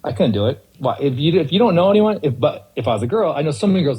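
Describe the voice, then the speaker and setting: A man's voice: mid-range voice, lively intonation, fast talker, mellow, breathy edge, rough recording. A man guesting on a podcast, chatting casually and ranting animatedly with acted-out quotes. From California. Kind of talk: casual chat.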